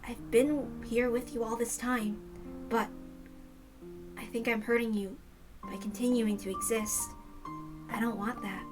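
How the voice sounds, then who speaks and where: A woman voicing a meek, sorrowful teenage boy in a soft, lowered, hesitant voice. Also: steady tone, measured pace, long pauses, over music, close to an everyday voice.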